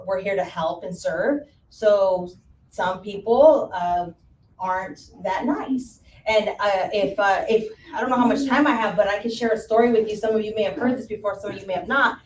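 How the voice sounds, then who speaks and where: Animated woman telling a story in an echoey room. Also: mid-range voice, moderate pace. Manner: lively storyteller who acts out quotes and laughs easily. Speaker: real estate agent. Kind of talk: panel talk, telling a story. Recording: roomy, from far off, faint room noise.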